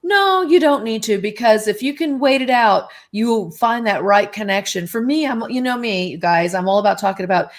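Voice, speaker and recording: A woman guest on a live-stream chat, telling stories in a lively, chatty way and acting out the voices in them. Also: mid-range voice, a little fast, few pauses. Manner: animated storyteller, acts out quoted dialogue. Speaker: guest medium.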